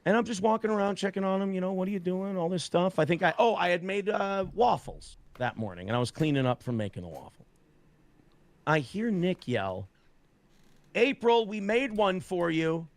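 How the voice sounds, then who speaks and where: A man recounting a story as an interview guest, profane and animated, acting out the voices of the people in it. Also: high voice, fairly quick, no room sound.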